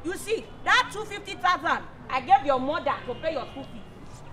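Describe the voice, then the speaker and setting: A woman's voice: high voice, lively intonation, moderate pace, background noise. A woman playing a brash, boastful woman politician. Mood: threatening. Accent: Nigerian. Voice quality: brash, bossy, threatening. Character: boastful corrupt woman politician, grand and bossy. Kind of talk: stage play skit.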